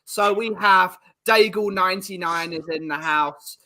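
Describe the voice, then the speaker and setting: A man's voice: sits high, unhurried, pushed and bright. A man hosting a casual podcast, bantering and reading out names from the chat. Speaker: podcast host.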